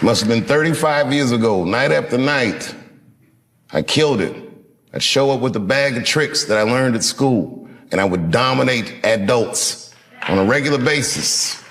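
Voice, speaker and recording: A man in his fifties from Washington, D.C., telling a reflective story to an audience in a measured, unhurried way with dramatic pauses. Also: mid-range voice, lively intonation, a crowd in the background, noisy background. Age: 50s. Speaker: comedian.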